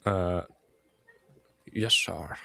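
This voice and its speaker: Low-voiced male player, deliberate and rules-minded, dry close mic. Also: gravelly, pushed and bright, no room sound. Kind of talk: tabletop game play.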